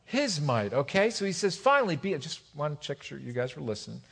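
Emphatic preaching man, high voice. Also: big pitch swings, quick pace, gravelly, breathy edge. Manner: emphatic preaching, swings between loud high exhortation and quiet asides. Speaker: pastor. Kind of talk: sermon.

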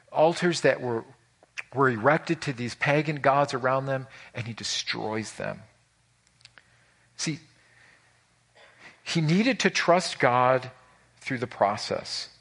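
With a husky, medium-pitched voice, a male pastor delivers a lively sermon and asks the congregation questions.

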